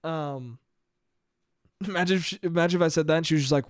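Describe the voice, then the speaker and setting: A young American man riffs alone into the mic in a loose, swearing, rambling way, breaking into laughter now and then. His voice sits a bit high for a man. The sound is dry and close, with no room around it. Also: fast talker, no echo. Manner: rambling, profane, laughs often. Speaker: podcast host. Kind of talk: solo casual monologue.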